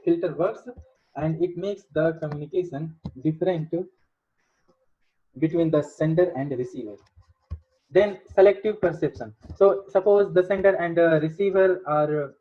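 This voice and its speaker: A man giving a recorded engineering lecture, in a halting way with many fillers. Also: a little high. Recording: dull lo-fi lecture audio.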